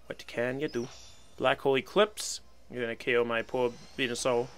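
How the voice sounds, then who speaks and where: Bright-voiced young man commenting on gameplay. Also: mid-range voice, fairly even intonation, moderate pace, smooth. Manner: casual, wry and resigned, laughs at himself. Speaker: gaming channel host.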